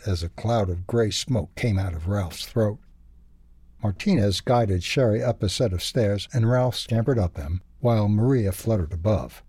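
A man reads aloud in a steady, measured way, moving from a book review into a children's story. His voice is low-pitched and a little husky. The recording is dry, with no room sound. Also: no echo. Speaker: reader.

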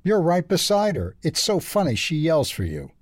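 A man's voice: fairly high pitch, huge pitch swings, normal speed, no room sound, clean studio sound, voice pushed up. A man doing a teasing, scampering little critter. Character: mischievous male critter, giggly scamp.

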